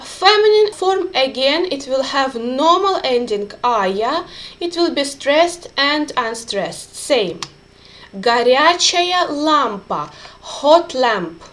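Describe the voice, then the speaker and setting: A woman's voice: high voice, expressive, slow, fairly bright tone. A woman teaching a beginners' grammar lesson, carefully spelling out word endings and repeating example words. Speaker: Russian language teacher.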